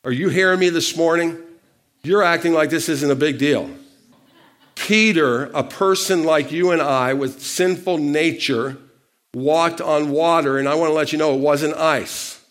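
A man preaching a sermon, asking the congregation questions and calling for responses, with loudness shifting for emphasis. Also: on the high side, a little slow. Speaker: pastor.

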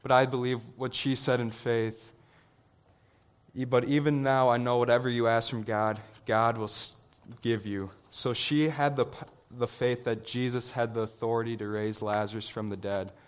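A teenage boy preaching a sermon in an earnest, halting way, with many restarts. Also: mid-range voice, steady tone, smooth. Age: teens. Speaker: student preacher.

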